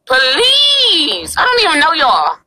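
A woman's voice: on the high side, expressive, normal speed, sharp tone, a little hiss or hum, low-quality recording. A young woman livestreaming outdoors in a parking lot on her phone, talking in a brash, crude and pleading way. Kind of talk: casual live-stream chat.

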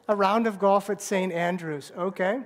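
A man preaching a sermon as pastor, bantering with the congregation and telling a story with halting restarts. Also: high voice, fairly even intonation. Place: church sanctuary.

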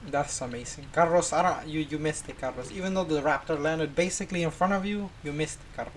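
An excitable gamer chatters through casual gameplay commentary, teasing a friend in a playful, mid-pitched voice. A faint hiss sits under the recording. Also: fast talker.

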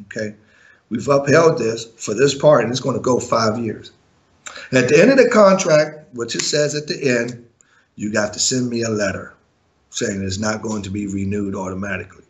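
A man's voice: mid-range voice, normal speed. A man and former music manager telling a story in an interview, blunt and profane, chuckling now and then.

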